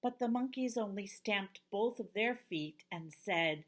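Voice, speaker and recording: A woman reads a children's picture book aloud, slowly and with care. Her pitch rises and falls lively across each line. She drops into hushed, whispered asides now and then. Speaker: storybook reader.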